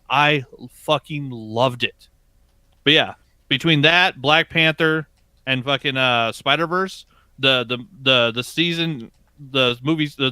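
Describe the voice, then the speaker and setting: A man's voice: a little high, bright, forceful tone, clear, resonant tone, dry recording. A man on a podcast giving enthusiastic, opinionated views and swearing freely. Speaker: podcast co-host. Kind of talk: casual podcast chat.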